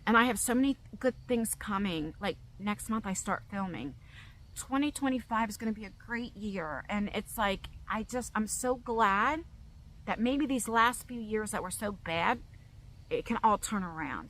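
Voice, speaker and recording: Middle-aged woman with a bright voice, speaking openly and emotionally to her subscribers, stumbling over her words. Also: medium pitch, normal speed, poor audio. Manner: open, emotional, rambling with restarts. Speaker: vlogger. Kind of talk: emotional personal vlog.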